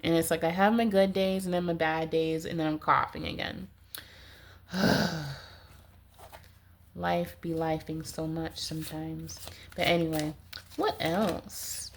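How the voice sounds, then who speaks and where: A woman's voice: deep voice, little pitch movement, takes it slowly, pauses often, a little hiss or hum. Nasal, congested woman reading tarot. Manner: rambling, heavy use of "like". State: stuffy nose, congested. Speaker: tarot reader.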